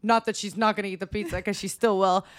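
A young woman on a podcast, talking in a chatty, playful way and filling her stories with "like." Her pitch is ordinary, with no marked traits in tone or recording. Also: fairly even intonation, fast talker. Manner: chatty, full of "like", playful banter. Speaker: podcast co-host. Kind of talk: casual chat.

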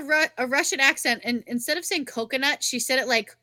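A young woman, co-hosting a podcast and telling stories in casual chat, swearing freely and animated. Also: sits high, a little fast, no echo. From New England. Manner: animated, swearing storyteller with many fillers. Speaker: podcast co-host.

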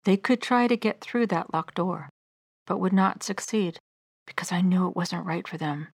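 A middle-aged woman narrating her own devotional book in a gentle, measured, earnest reading. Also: fairly low pitch, slightly rough, no room sound, studio quality.

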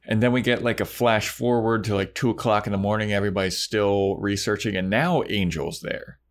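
A man's voice: lowish voice, fairly even intonation, brisk. A man chatting casually as a podcast co-host, recapping a TV episode with loose, acted-out quotes.

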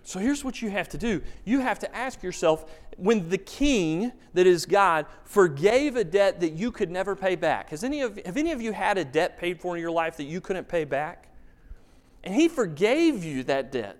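Lively, higher-voiced male preacher in a hall. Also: normal speed. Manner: animated storytelling with rhetorical questions. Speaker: pastor. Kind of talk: sermon. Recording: long reverb of a large hall.

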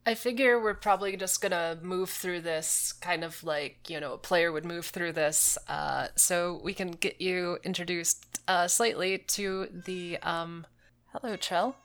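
A woman's voice: on the low side, measured pace, a bit bright. A woman co-hosting a casual gaming podcast, sarcastic and casually swearing. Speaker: podcast co-host.

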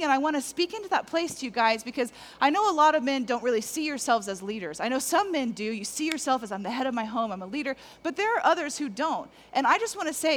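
A middle-aged woman preaching a lively, conversational sermon to men, talking straight to the audience. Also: high voice. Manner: animated, conversational, addresses the audience directly.

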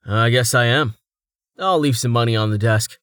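A man's voice: mid-range voice, moderate pace, a bit bright, clean tone, no room sound, clean studio sound, lightly acted. A man voicing an easygoing young male adventurer with a wry, dryly humorous way of talking.

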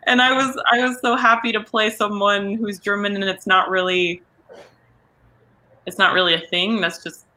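A woman's voice: medium pitch, steady tone, moderate pace, bright, forceful tone. A woman talking about playing a role in a casual panel chat, hunting for words with many fillers and restarts. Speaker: voice actor guest.

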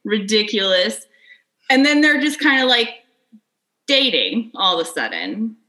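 A woman in her thirties talking things over on a podcast at an unhurried, drawn-out pace. Her voice is bright and forward. She is blunt, chatty and swears freely. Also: medium pitch, big pitch swings, poor audio. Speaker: podcast co-host. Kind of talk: casual chat.

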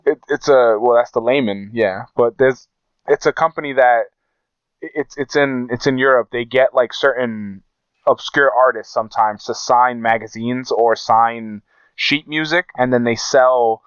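A man's voice: medium pitch, unhurried, a bit bright, clear, resonant tone, no room sound, muffled recording. A man co-hosting a casual podcast, swearing freely and acting out the quotes in his stories. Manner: profane, storytelling, acts out quotes. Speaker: podcast co-host.

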